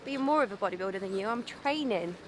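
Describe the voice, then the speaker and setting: A woman's voice: medium pitch, lively intonation, quick pace, crowd noise. A woman bantering casually and jokingly, laughing through her lines, outdoors on a morning walk.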